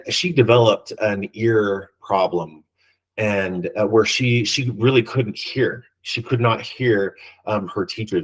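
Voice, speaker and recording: A man's voice: on the low side, a bit bright, poor audio. A man co-hosting a podcast, chatting casually and rambling with many ums and restarts. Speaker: podcast co-host. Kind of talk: casual chat.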